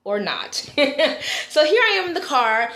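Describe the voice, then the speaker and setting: A woman life coach telling a story in an animated live-stream motivational talk, often checking in with "right?". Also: high voice, unhurried, roomy sound.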